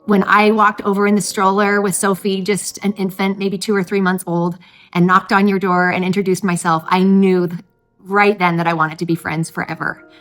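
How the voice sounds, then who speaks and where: A woman records an earnest, nostalgic birthday message for an old friend and speaks with steady warmth. Faint music plays behind her. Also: medium pitch, normal speed, rough recording. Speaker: friend giving a birthday tribute.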